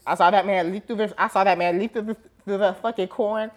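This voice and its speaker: A woman's voice: mid-range voice, quick pace. A young woman in casual chat, telling stories with a lot of swearing and acting out the voices in them. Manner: animated storyteller, swears freely, acts out dialogue.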